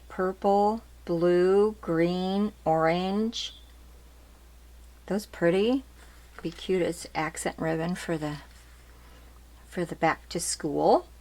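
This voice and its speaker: Slow-talking lady on her craft channel, lowish voice, chatty, keeps saying aren't they cute. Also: a little mellow. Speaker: craft channel host showing ribbons. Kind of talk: casual product show-and-tell.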